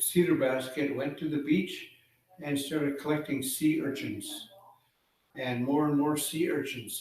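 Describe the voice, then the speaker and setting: A male storyteller recounting a legend in an easygoing, conversational manner, with the odd filler between phrases. His voice sits at a middle pitch and reaches the mic from a distance, in a room that rings with echo. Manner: relaxed, conversational telling with fillers. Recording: echoey room, far from mic.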